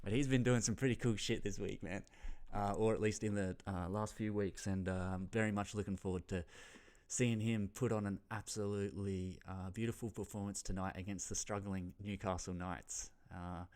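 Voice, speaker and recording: Young Australian man, fairly low voice, casual solo sports vlog, rambling, profane. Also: flat delivery, moderate pace, darkish tone, clear, resonant tone. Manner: rambling and heavily profane, loses his train of thought. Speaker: footy tipping vlogger.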